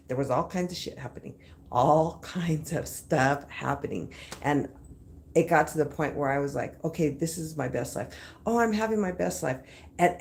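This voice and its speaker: A woman's voice: low voice, a little mellow. A woman in her thirties hosting a live stream and giving a casual motivational talk. She speaks emphatically, repeats phrases and mixes in slang.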